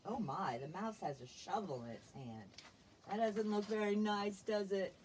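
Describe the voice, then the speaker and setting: A woman teacher reading a picture book aloud to young children, gently asking them questions as she goes. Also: mid-range voice, normal speed, slight background noise.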